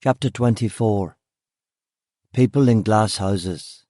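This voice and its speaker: A man narrating a first-person crime novel audiobook in a dry, wry, measured way. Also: lowish voice, dark tone, dry recording.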